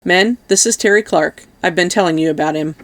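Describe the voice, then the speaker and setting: A woman voicing a gruff male mercenary captain who talks in a blunt, commanding way, in an audiobook. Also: lowish voice, a little fast, dry recording, natural voice.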